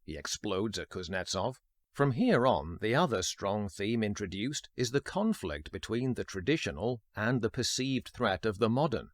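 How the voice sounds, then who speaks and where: A man hosting a film history podcast, reading scripted narration in a measured, wry manner. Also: lowish voice, animated, dry recording.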